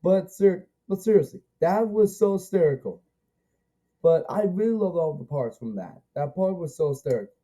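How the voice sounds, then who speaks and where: A man's voice: high-pitched, expressive, moderate pace, mellow, low-quality recording. A man giving a casual, rambling movie review, eager and repetitive, restarting his sentences often.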